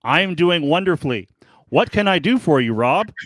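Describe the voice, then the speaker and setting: A man's voice: on the high side, moderate pace, no room sound. Earnest, rambling man on a live stream. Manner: rambling, earnest, animated storyteller. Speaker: podcast co-host guest. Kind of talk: casual live-stream chat.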